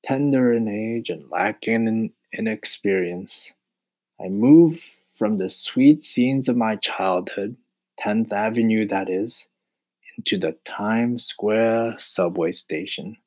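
A man's voice: fairly low pitch, slow pace, pitched above the performer's own voice. A man voicing a fussy, stingy male mouse in an audiobook, speaking in a theatrical, self-pitying way. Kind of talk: audiobook character voice.

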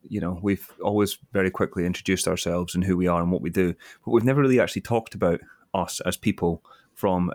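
A man's voice: deep voice, darkish tone, no room sound, clean studio sound. A Scottish man co-hosting a podcast, chatting casually with jokes and frequent swearing. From Scotland. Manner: loose, joking, swears freely. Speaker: podcast co-host.

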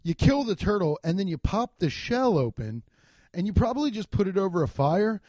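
A lively, profane podcast guy. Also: sits high, brisk, dry recording. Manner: loose, profane, rambling with frequent swearing; animated, jumps between muttering and loud outbursts. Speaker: podcast host. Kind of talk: casual solo podcast rambling. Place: home garage.

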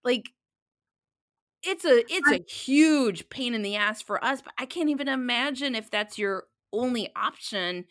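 A woman with a high, bright voice, recorded dry and close. She chats casually, reacts with sympathy and swears freely. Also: expressive, unhurried, no echo. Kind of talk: casual chat.

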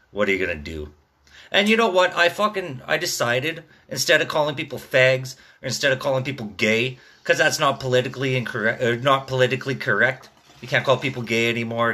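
A man in his thirties rants casually in a medium-pitched, pushed, bright voice, rambling and swearing constantly. He tags his sentences with drawled "dude" and "man."

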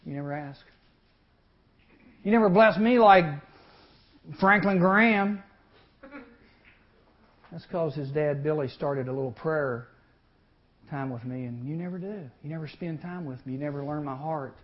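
A man preaching to young people, folksy and animated, often asking the crowd questions and acting out the people in the story. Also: on the high side, fairly quick. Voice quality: animated, acts out voices in the story. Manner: folksy, talks to the audience with questions. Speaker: youth speaker. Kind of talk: sermon. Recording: muffled lo-fi recording.

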